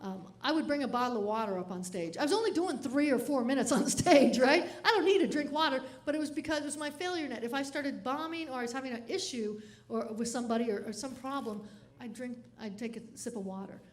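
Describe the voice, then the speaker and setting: A woman comedian giving a keynote speech. She tells animated stories and laughs between lines. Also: high-pitched, fast.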